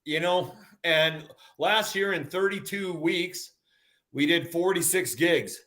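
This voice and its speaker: A man's voice: on the high side, slow pace, pushed and bright. A man from Western Canada, a singer guest, telling stories in easygoing, laid-back chat. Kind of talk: casual interview chat.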